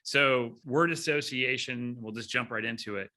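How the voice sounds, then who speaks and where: A man's voice: mid-range voice, moderate pace. A man hosting a podcast interview, chatty and upbeat in a casual conversational style. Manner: upbeat, chatty, lively delivery. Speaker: podcast host.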